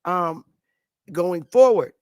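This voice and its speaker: The recording is dry, capturing a woman's low, darkish voice as she speaks slowly yet animatedly. She's a YouTube commentator in her fifties from the northern U.S., rambling through an unscripted monologue packed with fillers and restarts.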